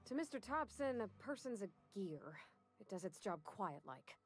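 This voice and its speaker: Brief: actress as a hesitant, folksy young companion, earnest, mid pitch. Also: female voice, sing-song, normal speed, soft background music, lightly acted. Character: shy, earnest young woman of a company town. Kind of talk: video game dialogue.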